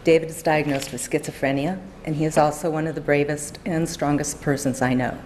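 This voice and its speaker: A woman, a mother, giving measured, prepared public comment at a county board meeting. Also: low voice, steady tone, a little mellow, slight background noise. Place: council chamber.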